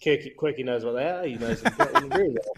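Pitch swooping wildly from a fairly high register, a man in his thirties with a New Zealand accent tells self-mocking stories in laddish slang as a podcast guest. His voice is creaky and a bit bright, and he talks a little fast.

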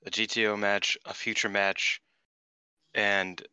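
A man co-hosting a podcast in casual chat, rambling and excitable, swearing freely. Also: fairly low pitch, unhurried, smooth, dry recording. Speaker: podcast co-host.

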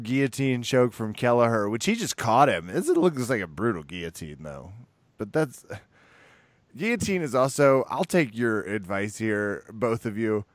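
A man's voice: mid-range voice, no room sound. A man co-hosting a fight podcast, chatting casually with blunt, profane enthusiasm. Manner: animated, profane fight talk. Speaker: podcast co-host. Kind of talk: casual chat.

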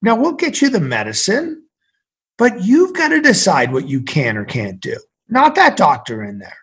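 Man doing a fierce mom, high and scolding, really insistent. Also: huge pitch swings, normal speed, a bit bright, slightly rough, full character voice. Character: fierce, determined mother gripping her son's arm.

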